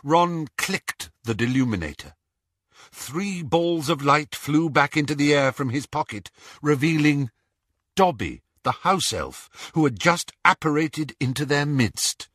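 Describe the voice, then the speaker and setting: A man narrating an audiobook at an unhurried pace, his pitch rising and falling with lively expression. His voice is bright and forward, and the recording is close and dry with no room sound. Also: no echo. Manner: expressive, dramatic reading. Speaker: audiobook reader.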